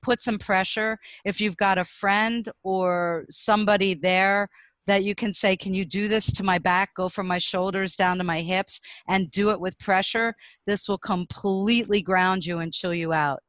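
A woman guest on a podcast, a speaking coach explaining and demonstrating vocal warm-up exercises. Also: mid-range voice, steady tone, moderate pace, no echo. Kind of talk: podcast interview.

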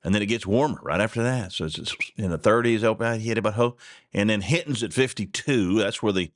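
A man's voice: lowish voice, brisk, no echo, studio quality. A man hosting a radio talk show, chatting in a rambling, jokey, folksy way. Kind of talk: casual radio chat.

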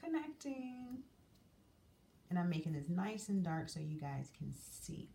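A woman's voice: fairly low pitch, very animated, measured pace, vocal fry, dark tone. A woman teaching young children a drawing lesson, coaxing and sing-song as she draws and asks them questions. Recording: distant mic, faint room noise.

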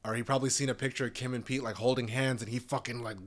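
A man's voice: medium pitch, fairly even intonation, very fast. A young man in a casual, profane, rambling rant, talking in an exasperated way. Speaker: commentator.

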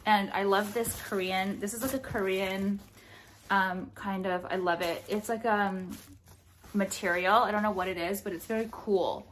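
Here a vlogger walks viewers through things she bought, chatting casually but bluntly, swearing and sometimes ranting. She speaks at normal speed with a medium pitch and fairly even intonation, over a little hiss or hum.

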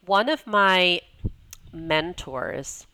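A woman's voice: fairly low pitch, animated, very slow, sharp tone, slight background noise. A woman coach talking in a casual podcast interview, chatty with lots of fillers, acting out the voices she quotes. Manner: chatty, many "like" and "you know" fillers, acts out quoted voices. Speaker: podcast guest, women's coach.

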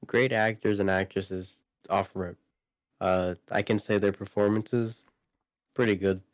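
Give me a low, even-toned man in a loose podcast chat about video games, recorded dry. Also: unhurried, no echo. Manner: loose, rambling, frequent fillers and restarts. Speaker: podcast co-host.

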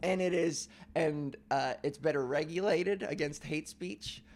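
A man with a slightly high voice rants and jokes as a podcast co-host. He curses freely and keeps the talk loose and comic. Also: measured pace. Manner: profane, joking, animated rants. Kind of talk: casual comedic chat.

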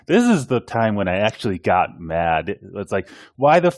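A man's voice: deep voice, very animated, takes it slowly. A man co-hosting a podcast, talking casually in a sardonic, swearing way. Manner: sardonic, swears, mocks characters. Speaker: podcast co-host. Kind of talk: casual chat.

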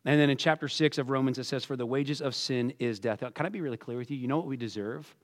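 A man's voice: medium pitch, fast talker. A man preaching a sermon in a conversational way, calling his listeners folks and acting out the quotes he reads. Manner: conversational, addresses listeners as folks, animated quoting. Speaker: pastor.

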